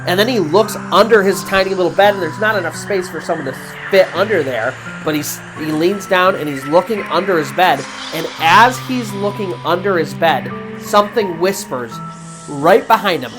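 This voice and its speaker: A woman host recounts a ghost story in relaxed, chatty narration. She slows and drops her voice at the tense moments. Faint music plays under her speech. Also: on the low side. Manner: conversational, with fillers and restarts, dramatic pauses. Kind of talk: casual spoken horror story narration.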